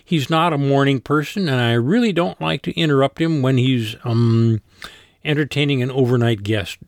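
A man voicing a blunt, sarcastic woman in an audiobook, lifting his voice higher. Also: normal speed, no echo, clean studio sound, close to an everyday voice. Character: sarcastic blunt woman, nursing home coworker. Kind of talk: audiobook character voice.

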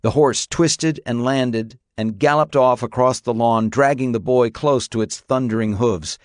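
A man narrating a story in a steady, measured audiobook reading. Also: medium pitch, no room sound, clean studio sound.

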